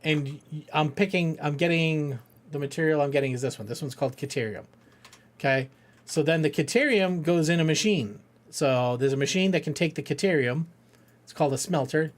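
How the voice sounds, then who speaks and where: Here the middle-aged charity streamer speaks in a fairly high voice at a fairly quick pace. It's loose live-stream chatter while he plays, full of jokes, cursing, and frequent laughs.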